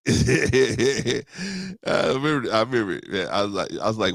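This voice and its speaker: A man with a lowish, gravelly voice hosts a casual show, very animated and at normal speed, telling personal stories and acting out both sides of the conversations alongside live chat commentary. The clean studio recording has no room sound.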